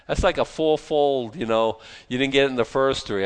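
A man preaching in a loose, conversational way, correcting himself mid-sentence and throwing in jokes. His voice has an ordinary middle pitch for a man. He sounds like he is talking with the congregation rather than reading to them. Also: moderate pace, few pauses, smooth. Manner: chatty, self-interrupting, with joking asides. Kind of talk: conversational sermon.

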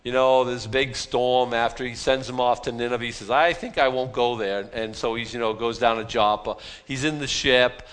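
A man's voice: mid-range voice, little pitch movement, moderate pace, hardly any pauses, a bit bright, clean tone. A man preaching a sermon in a folksy, self-deprecating way, full of rhetorical questions.

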